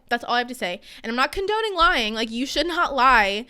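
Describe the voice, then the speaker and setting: A woman's voice: sits high, big pitch swings, fairly quick, sharp tone, smooth. A young woman in her twenties co-hosting a podcast, ranting heatedly in casual chat with lots of fillers. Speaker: podcast co-host.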